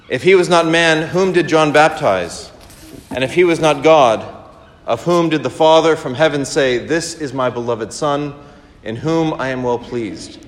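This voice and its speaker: A man preaching a sermon. He reads a passage as a rhythmic string of rhetorical questions, then comments on it more quietly. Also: medium pitch, big-room sound.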